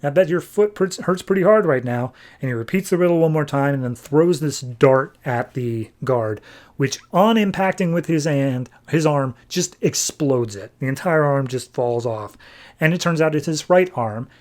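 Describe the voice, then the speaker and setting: A man's voice: medium pitch, animated, moderate pace, darkish tone. A male podcast host recapping a comic in a wry, chatty way.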